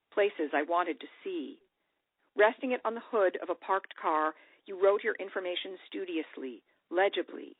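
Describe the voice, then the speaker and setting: Woman reading her own essay, calm and reflective, sounds like a thin radio line, dry and close. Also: lowish voice, dry recording. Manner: measured, reflective storytelling. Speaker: author. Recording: dry, tinny radio broadcast audio.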